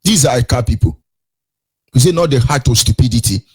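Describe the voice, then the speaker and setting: A man's voice: medium pitch, brisk, darkish tone, slightly rough. A man with a Nigerian accent hosting a radio show, giving indignant commentary with repeated rhetorical questions and a sing-song lilt. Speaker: radio host.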